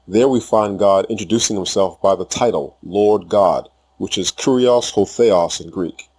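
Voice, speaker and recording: Low-voiced man narrating a lecture. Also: a little mellow, breathy edge. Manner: measured, explanatory lecturing. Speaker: teacher. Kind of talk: scripted narration.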